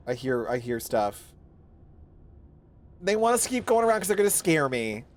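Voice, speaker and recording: A man's voice: on the high side, big pitch swings, a little slow. A young man giving jumpy, profane let's-play commentary on a horror game, laughing and complaining at the game. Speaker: gaming streamer.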